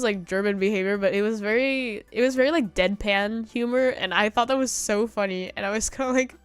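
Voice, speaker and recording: Chatty young woman streamer, smooth voice. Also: mid-range voice, fast, few pauses, no room sound, soft background music. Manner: rambling storytelling with laughs and quoted voices. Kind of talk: casual chat stream.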